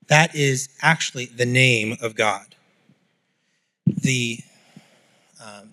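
A man preaching a sermon in a relaxed, explanatory teaching style, reading scripture aloud and unpacking it. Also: mid-range voice. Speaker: pastor.

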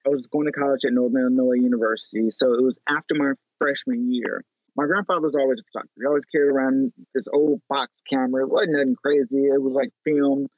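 A man from Chicago in his thirties, a photographer telling animated stories with lots of fillers in a casual interview. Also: mid-range voice, fast talker, dry recording. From Chicago, USA. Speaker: photographer guest. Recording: tinny phone-like line, dry.

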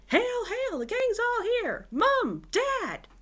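A woman's voice: on the low side, normal speed, lightly acted. A woman voicing a blunt, brash young half-ogre man in a story reading. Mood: excited. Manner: blunt, loud exclamations.

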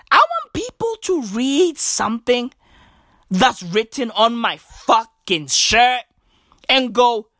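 A woman's voice: a little high, a bit bright, no echo, studio quality. A woman delivering a profane comic rant, full of slang, swearing and emphatic repeats. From South Africa.

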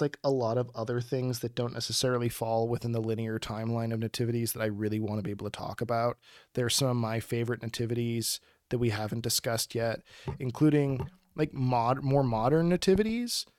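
Man, podcast co-host, casual chat, rambling and enthusiastic, mid pitch, dry close sound. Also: a little mellow, dry recording.

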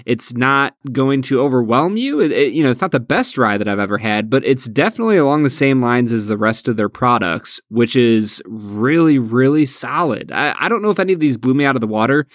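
A man's voice: medium pitch, expressive, brisk, hardly any pauses, dry recording, clean studio sound. A man co-hosting a podcast, talking earnestly and restarting his sentences. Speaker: podcast co-host. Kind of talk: casual chat.

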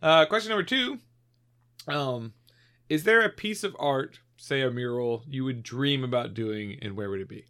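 A podcast co-host chats casually and laughs often. They tell stories in a loose, rambling way, circling back on their points. Their voice sits at a middle pitch. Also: expressive, moderate pace, fairly bright tone. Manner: giggly, rambling, loose storytelling. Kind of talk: casual chat.

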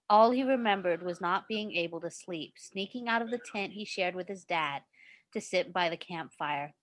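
A woman's voice: mid-range voice, fairly bright tone. A woman reading a story aloud in a casual way, stumbling now and then and correcting herself. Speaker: reader.

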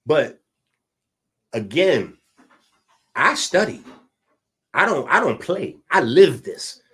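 A man from the Bronx hosts a podcast in a casual commentary monologue, speaking. His voice sits slightly high for a man. He talks in an animated way, rising loud and dropping to a hush, with frequent asides. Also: slow pace, husky. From the Bronx, New York. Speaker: podcast host.

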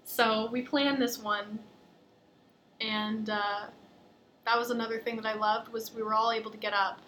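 A young woman hosts a casual podcast and tells a story with chatty energy, leaning on fillers as she goes. Her voice sits a little high and sounds bright, with a faint hiss under it. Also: flat delivery, normal speed. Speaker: podcast host.

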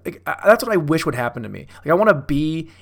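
A man's voice: on the high side, big pitch swings, quick pace, creaky. A young man riffing casually on movies, profane and self-mocking, like a comic doing a bit. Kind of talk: casual rambling commentary.

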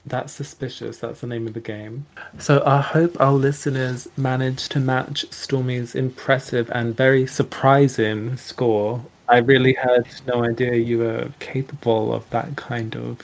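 A man's voice: medium pitch, flat delivery, measured pace. A young man hosting a comedic podcast sketch, snippy, sarcastic and indignant as he bickers with his co-host.

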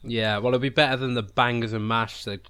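A man's voice: medium pitch, steady tone, a little fast, bright, forceful tone, smooth. A man with a British accent, co-hosting a casual podcast chat, rambling and teasing while he eats. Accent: British English. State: talking while eating. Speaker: podcast co-host.

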